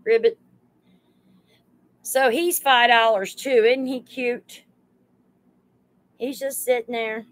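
A woman's voice: a little high, fairly even intonation, takes it slowly, long pauses, low-quality recording. A woman hosting a live sale stream, chatting homily and greeting viewers by name as she prices items. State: overheated.

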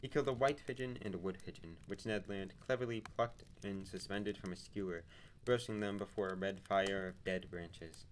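Male narrator, lowish voice, unhurried read with small restarts. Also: steady tone, a little hiss or hum, rough recording. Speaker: narrator reading a novel aloud. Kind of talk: live-streamed audiobook reading. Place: home streaming setup.

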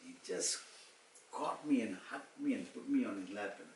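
A man's voice: lowish voice, normal speed. Man telling stories in an echoey room. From Malaysia. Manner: animated storyteller who acts out quoted dialogue. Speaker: motivational speaker. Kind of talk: informal devotional storytelling talk. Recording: echoey room, far-off mic, faint hum.

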